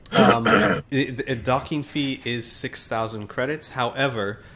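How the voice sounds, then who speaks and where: A man's voice: mid-range voice, a little slow, a crowd in the background. A man narrating as a tabletop game master, rambling and searching for words.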